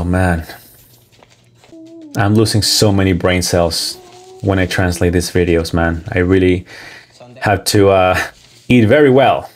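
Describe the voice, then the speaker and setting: A man casually commenting on and translating livestream clips, talking in a relaxed, conversational way with frequent pauses. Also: sits low.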